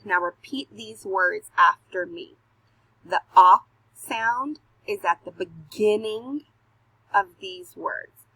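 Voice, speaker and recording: Woman, kindergarten teacher, slow phonics lesson, bright breathy voice, patient, dry close recording. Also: mid-range voice, no echo, poor audio. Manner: slow, patient, sounding out letters with pauses; self-deprecating, laughs at her own slips. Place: home recording, not a classroom.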